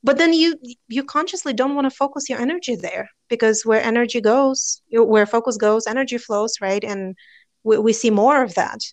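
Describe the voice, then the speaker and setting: A woman's voice: on the high side, normal speed. A woman whose first language is Russian, co-hosting a casual podcast chat, earnest and acting out quoted voices as she talks. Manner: earnest, acts out quoted voices, frequent fillers. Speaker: podcast co-host. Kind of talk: casual conversation.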